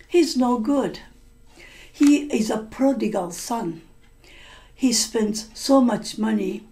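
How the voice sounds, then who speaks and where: A woman storyteller voicing a stern, angry father who is a count, scolding his son slowly and with emphasis. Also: extremely high pitch, a little mellow, full character voice.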